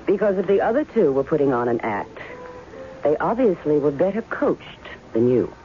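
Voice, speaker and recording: A woman's voice: sits low, big pitch swings, normal speed. An actress playing a cool, skeptical estranged wife who is testing a man, in 1970s radio drama style. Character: wary, sharp-tongued estranged wife testing an impostor. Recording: tinny old radio broadcast with music.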